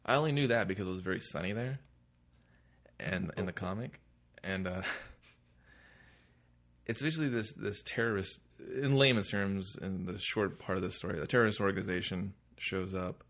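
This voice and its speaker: A man's voice: sits low, normal speed, a bit bright. A man co-hosting a podcast in casual chat, rambling and hesitant with lots of fillers. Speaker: podcast co-host.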